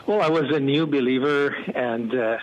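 A man's voice: medium pitch, normal speed, dull audio. A man from Iran, a guest evangelist, telling a personal testimony earnestly with many fillers and restarts.

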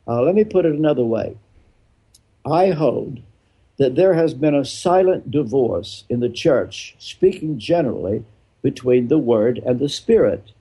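A man's voice: medium pitch, lively intonation, a little slow, dark tone, slightly rough. An older man, a retired pastor being interviewed, explaining his views emphatically and answering his own rhetorical questions.

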